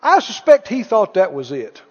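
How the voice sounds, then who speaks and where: Male pastor preaching, high lively voice, acts out Bible dialogue, dull reverberant hall recording. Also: moderate pace, slightly rough. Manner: animated preaching, acting out Bible dialogue, chuckling. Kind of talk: sermon.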